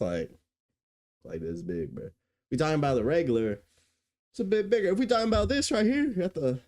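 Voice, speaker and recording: A woman offers reaction commentary in a slangy, incredulous style, her mellow voice swinging between low mutters and squealing outbursts.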